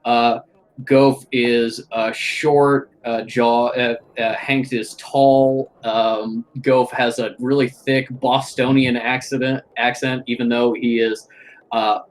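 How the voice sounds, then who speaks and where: Male game master, unhurried and halting, mid-pitched, tabletop game narration. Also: little pitch movement, poor audio. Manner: slow, hesitant, many fillers.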